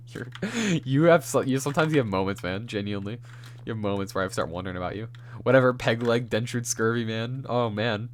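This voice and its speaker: A man's voice: mid-range voice, a little fast, slight background noise. A man streaming a game, chatting casually and teasing his friend, swearing and laughing often. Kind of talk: casual chat on a gaming stream.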